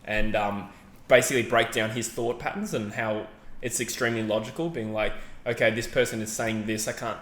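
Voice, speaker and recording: A man's voice: fairly low pitch, steady tone, fairly quick, fairly bright tone. Rambling man, echoey room. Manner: rambling, hedging, self-correcting. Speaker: podcast co-host. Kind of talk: casual chat. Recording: roomy echo, faint background ambience.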